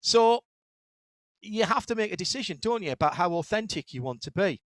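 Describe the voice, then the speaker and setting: A middle-aged man with a Northeast English accent, chatting in an interview as a guest, telling stories quickly with frequent restarts. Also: high-pitched, no echo. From Northeast England. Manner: fast-talking, animated storyteller with frequent restarts. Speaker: guest, motorsport commentator. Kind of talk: casual interview conversation.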